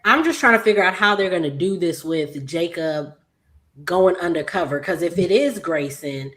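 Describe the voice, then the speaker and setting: A woman's voice: lowish voice, animated, normal speed, a bit bright. A woman co-hosting a casual recap chat, talking things through with ums and hesitations. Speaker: podcast co-host.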